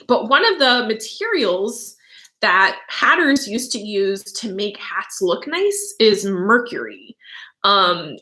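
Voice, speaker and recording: A young adult woman teacher with a fairly high, sharp voice reads a story aloud. She pauses to explain words in a chatty manner, with plenty of fillers and asides.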